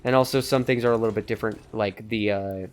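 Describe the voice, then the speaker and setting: A man's voice: on the low side, steady tone, quick pace, soft background music. Brief: young guy, let's play co-host, loose rambling talk, frequent swearing and laughs. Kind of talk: casual gaming banter.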